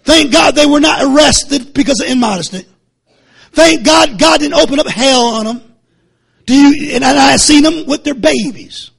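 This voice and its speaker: A male preacher, delivering a fiery sermon that swings from low muttering to shouting, with many repeated words. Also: normal speed, gravelly.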